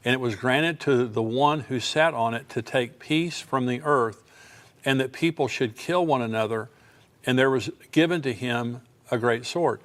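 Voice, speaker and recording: An older male pastor delivers a teaching sermon, moving between scripture reading and relaxed, everyday explanation. His voice sits at a middle, ordinary pitch for a man. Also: moderate pace. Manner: reads scripture then explains it in plain conversational asides.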